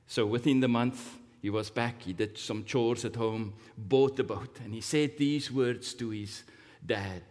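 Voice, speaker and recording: A man preaching a sermon, telling a story slowly and dramatically, with big rises and drops in pitch and volume. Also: a little mellow. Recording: long hall reverb.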